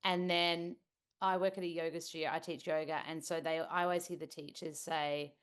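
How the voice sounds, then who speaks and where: A woman's voice: deep voice, flat delivery, moderate pace, clear, resonant tone. An Australian woman chatting as a podcast guest, telling stories with playful impressions. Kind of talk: casual interview chat.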